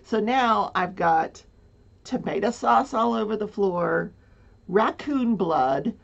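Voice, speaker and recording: A woman's voice: medium pitch, animated, slow pace, creaky. A woman telling a personal story in a casual, rambling way, flustered, with many fillers and nervous laughs. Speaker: livestreamer. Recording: dull lo-fi sound.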